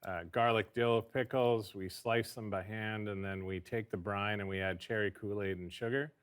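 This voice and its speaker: A man guest chef explaining his cooking in a relaxed, hesitant way with frequent ums. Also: lowish voice, normal speed, clean tone. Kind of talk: casual explanatory chat.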